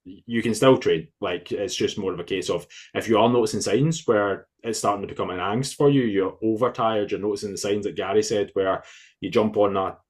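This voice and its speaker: Husky low-voiced man explaining fitness. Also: fairly even intonation, a little fast. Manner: chatty, explains with loose restarts and swearing. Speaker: podcast co-host, fitness coach. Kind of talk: casual podcast chat. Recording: remote call.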